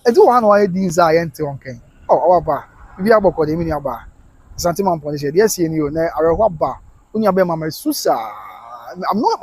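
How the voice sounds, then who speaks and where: A man's voice: a little high, a little mellow, slightly rough. A Ghanaian man hosting a livestream, reading viewers' comments aloud and answering with consoling words, switching between Twi and English. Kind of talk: live-stream commentary.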